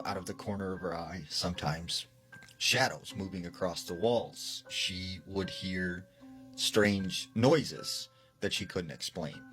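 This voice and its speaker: Deep-voiced man narrating a spooky tale. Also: fairly bright tone, poor audio. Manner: conversational, chatty narration. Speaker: narrator retelling a story. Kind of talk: retold horror storytime. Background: faint background music.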